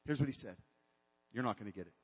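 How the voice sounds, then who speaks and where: A male pastor preaching a sermon with call-and-response, rising to shouts. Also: on the low side, expressive, fast, breathy edge. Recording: reverberant hall, dull lo-fi sound.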